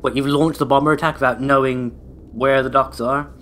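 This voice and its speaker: A man's voice: medium pitch, steady tone, brisk, fairly bright tone, slight background noise. A young man rambling through casual gameplay commentary as a let's play host, with dry, self-deprecating jokes aimed at his viewers.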